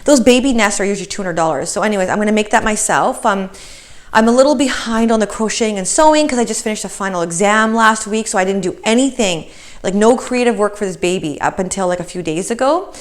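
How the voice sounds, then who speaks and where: A woman's voice: mid-range voice, fast talker. Breathless chatty pregnant woman vlogging. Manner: chatty, with frequent fillers and restarts. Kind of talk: casual pregnancy update vlog.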